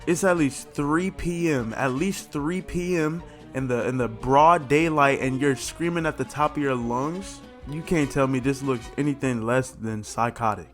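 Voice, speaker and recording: A man's voice: mid-range voice, unhurried, few pauses, fairly bright tone, soft background music. A man hosting a reaction video, talking in a blunt, mocking, slangy way. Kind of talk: casual reaction commentary.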